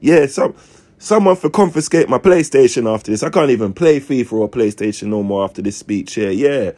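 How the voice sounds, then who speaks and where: A man's voice: medium pitch, animated, fairly quick, mellow. A young man hosting a comedy show, delivering slangy, mock-dramatic commentary in which he pokes fun at himself. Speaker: host. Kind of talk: comic commentary.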